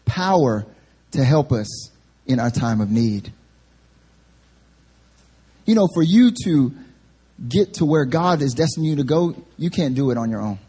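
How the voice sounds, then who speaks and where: A young adult male pastor preaching a sermon at a church service, telling a funny story about himself in an animated way. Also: medium pitch, a little slow, pauses often, slightly rough. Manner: animated, self-deprecating storytelling. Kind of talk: sermon with humorous personal story.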